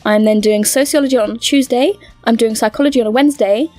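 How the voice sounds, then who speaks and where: A woman's voice: on the high side, fast, darkish tone, dry recording, soft background music. A young woman chatting to camera from home, bubbly and rambling, full of fillers and restarts. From United Kingdom. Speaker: YouTuber. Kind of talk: casual to-camera update chat.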